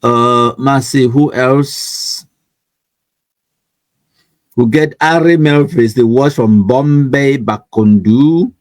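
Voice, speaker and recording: Cameroonian male host, mid-pitched, dry close sound, casual and teasing, reads out viewer comments. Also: takes it slowly, pauses often, dry recording. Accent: Cameroonian English with Pidgin. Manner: chatty and teasing, laughs often, reads viewer comments aloud. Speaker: online news show host. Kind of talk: casual live-stream comment reading.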